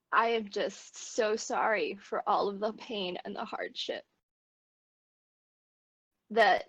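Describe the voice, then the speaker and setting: An American woman streamer talks in a heartfelt, emotional, rambling way. Her voice sits at an ordinary middle pitch. The sound is dry and close, with no room echo. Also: breathy edge, highs cut off. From United States. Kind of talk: earnest casual discussion.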